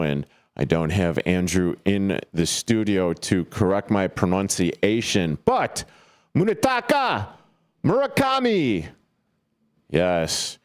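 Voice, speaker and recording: A deep-voiced man hosting a sports radio show solo from a studio, his voice smooth and resonant. He talks in a slow, unhurried way, rambling and joking through plenty of fillers and jumping up into high, yelped player names now and then. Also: a little mellow. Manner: rambling and jokey, full of fillers, with sudden high yelped name calls.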